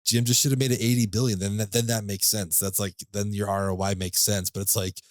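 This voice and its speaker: A man with a fairly low voice chats casually on a podcast, blunt and joking, with offhand swearing. The recording is close and dry. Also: level tone, fairly quick, no room sound. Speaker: podcast co-host. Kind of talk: casual film review chat.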